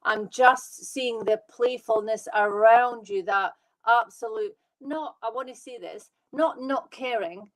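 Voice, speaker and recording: A woman working as a medium, giving live readings to viewers in an excitable, fast, reassuring way. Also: on the high side, rough recording. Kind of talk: live online psychic reading.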